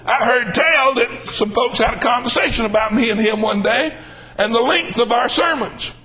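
A man's voice: very high-pitched, moderate pace, sharp tone, faint music behind, low-quality recording. An older man preaching a humorous sermon, folksy and drawling, calling out lines for emphasis.

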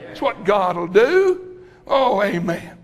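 High-voiced preacher shouting. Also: male voice, big pitch swings, takes it slowly, faint music behind. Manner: folksy, rousing, often shouting. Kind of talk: sermon.

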